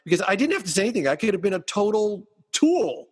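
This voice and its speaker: Husky male podcast host, animated storyteller, slightly raised pitch, reverberant room. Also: fast talker. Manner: animated storyteller acting out dialogue. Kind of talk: casual storytelling chat.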